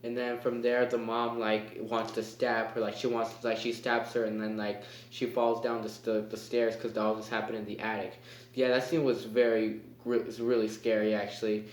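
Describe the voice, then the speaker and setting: A man's voice: lowish voice, level tone, moderate pace, slight background noise. A man giving a casual spoken movie review. He rambles and hesitates, with lots of fillers. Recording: echoey room.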